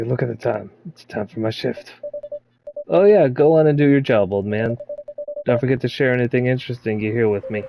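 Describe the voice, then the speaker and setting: Man with a mellow voice, voicing a game. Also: medium pitch, vocal fry, slight background noise, poor audio. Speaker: game player voicing the characters. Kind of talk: playthrough voice acting.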